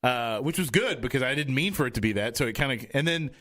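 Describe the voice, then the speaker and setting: A man's voice: medium pitch, expressive, fast, fairly bright tone. A man hosting a casual studio chat show, rambling and restarting his sentences often. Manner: rambling, trailing off, many restarts. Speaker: podcast host. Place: radio studio.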